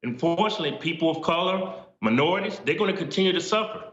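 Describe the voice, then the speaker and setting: A man's voice: a little high, animated, fast talker, a bit bright. A man who is a guest in a political interview, speaking emphatically in short, opinionated statements. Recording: roomy, dull remote audio.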